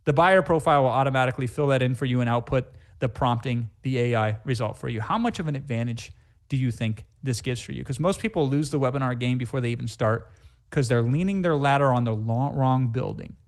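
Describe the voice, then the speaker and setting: A man presenting a live webinar sales pitch as a sales trainer, emphatic and hype-driven, rattling off repetitive lists. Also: quick pace.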